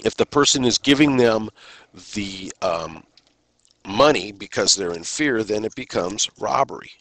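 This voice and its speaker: A man giving a recorded criminal justice lecture in a measured, deliberate way, pausing and sometimes restarting a phrase. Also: fairly low pitch, expressive, a bit bright, slight background noise. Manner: measured, deliberate delivery with pauses and occasional restarts.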